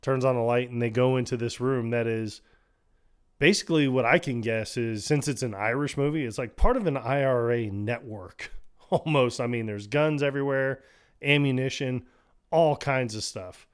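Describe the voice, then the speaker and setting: A man co-hosting a casual podcast, retelling film scenes with lively acted-out quotes and laughter. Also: medium pitch, moderate pace, smooth. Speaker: podcast co-host. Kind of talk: casual chat.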